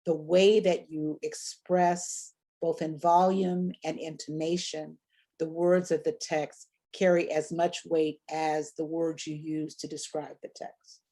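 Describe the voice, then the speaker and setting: A woman's voice: deep voice, dark tone. A woman leading a preaching workshop, teaching sermon delivery in a reflective way and posing rhetorical questions.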